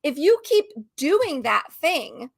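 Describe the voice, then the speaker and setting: A woman co-hosting a casual chat, talking in an animated, ranting way and laughing often. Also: high voice, slow, gravelly. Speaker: co-host.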